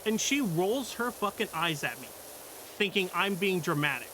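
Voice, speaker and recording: A man's voice: high voice, big pitch swings, normal speed, pushed and bright, a little hiss or hum. A young man streaming, telling a work story in a blunt, profane, exasperated way. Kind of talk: casual storytelling.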